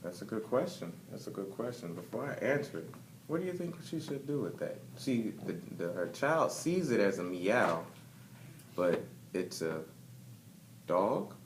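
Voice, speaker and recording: Man running a class, lively pitch, casual, encouraging, echoey classroom, far-off mic. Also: a little slow. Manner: casual, encouraging, asks the group questions. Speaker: parenting workshop facilitator. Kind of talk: leading a class. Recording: echoey room, distant mic, background noise.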